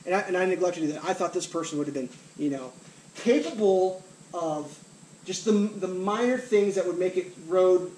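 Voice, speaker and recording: A man's voice: sits high, moderate pace, a little mellow, a little hiss or hum. A man ranting to camera as a vlogger, frustrated, swearing often and repeating himself, recorded outdoors. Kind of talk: angry rant to camera. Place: outdoors by a trailer.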